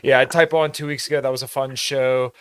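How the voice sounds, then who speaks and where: A man's voice: medium pitch, little pitch movement, fast, clean tone, no echo. A man co-hosting a podcast in casual chat, with a loose, rambling delivery. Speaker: podcast co-host.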